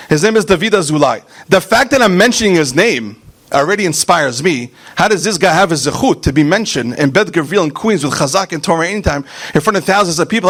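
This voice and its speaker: A man, a rabbi, preaching a fiery sermon, punching out single words and then dropping to quiet asides. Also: high voice. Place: synagogue.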